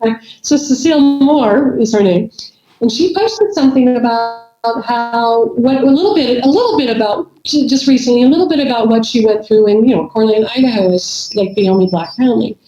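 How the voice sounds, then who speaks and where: Middle-aged woman guest, rambly, highish mellow voice, roomy dull audio. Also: a little fast. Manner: rambling, many restarts and fillers. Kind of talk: casual conversation. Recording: echoey, dull remote audio.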